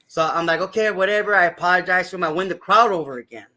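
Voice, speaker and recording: A man with a high, bright voice tells stories for a podcast. He is animated and acts out what other people said. He swears freely as he goes. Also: quick pace, hardly any pauses. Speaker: wrestling referee, guest. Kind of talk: casual podcast storytelling.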